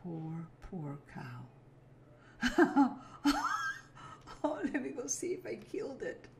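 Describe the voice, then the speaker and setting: A woman's voice: sits low, sing-song, normal speed, warm tone, slight background noise. A woman giving casual running commentary while playing a video game, talking to herself and apologizing with little giggles. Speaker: gaming video creator. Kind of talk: casual let's play commentary.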